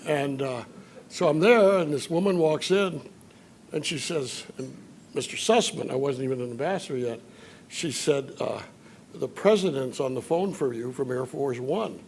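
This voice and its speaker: An older man from Chicago giving an after-dinner speech, telling anecdotes with dry humor and filler pauses. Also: mid-range voice, vocal fry, darkish tone, slight background noise. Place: banquet hall at a dinner event.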